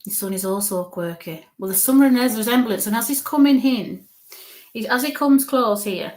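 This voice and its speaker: A woman's voice: fairly high pitch, moderate pace, a little mellow. Chatty northern English woman medium. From northern England. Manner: chatty, reassuring, repeats okay and bless you. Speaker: medium giving live readings. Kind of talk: live spirit reading to online viewers.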